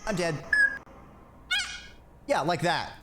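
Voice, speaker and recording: A playful male streamer who talks through his game in a loose, chatty way, his pitch bouncing around a lot as he reacts. He speaks slowly and takes his time, and a steady hiss of noise sits under the voice. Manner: playful, chatty, muttering to himself. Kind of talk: casual gameplay chat.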